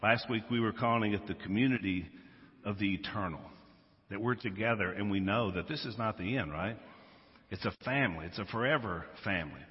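A pastor from Louisiana preaches in a relaxed, conversational way, his coloring his stories as his energy rises and falls. His voice carries a long reverb from a large sanctuary. The sound is a bit muffled, like a live-stream feed. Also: lowish voice, brisk. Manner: conversational, animated storytelling. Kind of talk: sermon.

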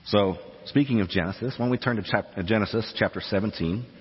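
Man in his forties, pastor, husky low voice, conversational sermon, long hall reverb, dull sound. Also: quick pace. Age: 40s. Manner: conversational, self-deprecating, reads scripture aloud. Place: church sanctuary.

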